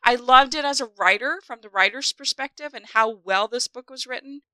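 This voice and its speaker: Animated woman gushing on a podcast, bright voice, dry sound. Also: fairly high pitch, fairly quick, clear, resonant tone, dry recording. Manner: animated, chatty storyteller. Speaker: podcast co-host. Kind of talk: casual podcast chat about a book.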